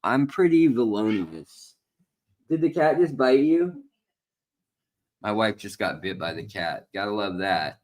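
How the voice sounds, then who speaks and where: Male live-stream host: low, unhurried, rambling, jokey, lots of fillers. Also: big pitch swings, darkish tone. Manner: rambling and joking, with many fillers. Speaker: host of an aquarium livestream. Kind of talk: casual live-stream chat. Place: indoor home studio.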